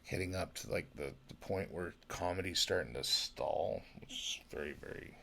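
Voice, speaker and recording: A drunk man rambling in a casual monologue, swinging from loud outbursts to mumbled whispers. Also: deep voice, normal speed, creaky, slight background noise. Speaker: amateur actor talking about comedy.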